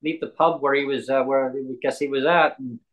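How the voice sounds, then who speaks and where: Halting man, casual podcast chat. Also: medium pitch, fairly even intonation, lo-fi sound. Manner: halting and rambling, many ums and restarts. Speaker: podcast host and guest.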